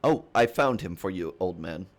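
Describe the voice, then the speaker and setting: A cocky winged boy in a tabletop game as the game master voices him, speaking in a slow, loud, pompous manner. His formal words are drawn out with self-important flair. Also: low-pitched, lively intonation.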